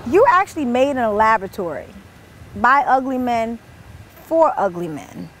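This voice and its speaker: A woman, delivering an animated, exasperated comic rant as a monologue. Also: fairly high pitch, normal speed, slight background noise. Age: 20s. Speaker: comedian.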